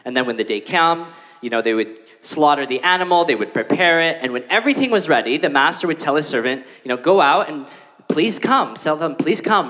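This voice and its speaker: A man preaching a sermon to his congregation, animated and conversational, acting out the excuses with playful voices. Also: mid-range voice. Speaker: pastor. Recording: reverberant hall.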